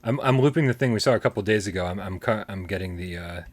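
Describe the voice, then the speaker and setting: A man co-hosting a casual livestream podcast, excitable and quick to laugh and swear as he reads out viewer tips. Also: on the low side. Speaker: podcast co-host reading tips.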